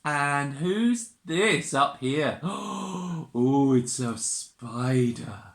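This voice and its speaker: A woman reading a picture book to young children, animated and sing-song, asking her listeners questions. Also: deep voice, drawn-out words. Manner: makes animal noises and gasps. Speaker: children's storyteller. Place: church. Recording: roomy church echo.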